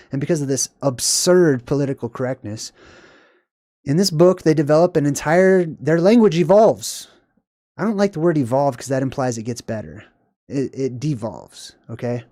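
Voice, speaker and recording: A man's voice: fairly high pitch, mellow, no room sound, clean studio sound. Irritated ranting man vlogging. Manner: irritated, ranting, swears freely; conversational, talks straight to viewers. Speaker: host. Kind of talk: casual commentary vlog.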